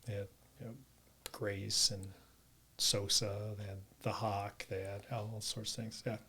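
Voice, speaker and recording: A man's voice: lowish voice, little pitch movement, measured pace, bright, forceful tone, slightly rough. A man from Southern Utah, a guest on a podcast, chatting casually and reminiscing. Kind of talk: casual chat.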